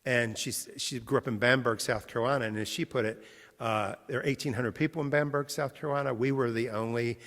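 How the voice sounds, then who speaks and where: A man's voice: medium pitch, steady tone, fairly quick, a bit bright, big-room sound. A male pastor giving a sermon, telling stories conversationally and retelling his interviews. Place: large church sanctuary.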